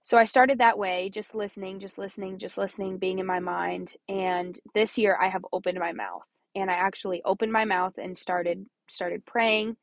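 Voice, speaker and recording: A woman's voice: medium pitch, fairly even intonation, moderate pace, creaky, few pauses, dry recording. Give me an earnest, chatty young woman from Missouri talking about faith, in a dry, close recording. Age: young adult. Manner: earnest, chatty, laughs often, repeats phrases. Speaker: podcast host. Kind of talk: personal faith talk.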